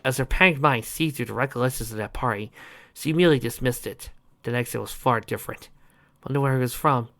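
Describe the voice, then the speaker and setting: A man's voice: mid-range voice, quick pace, bright, forceful tone. A man narrating a story dramatically and expressively, adding asides to listeners. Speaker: audiobook reader.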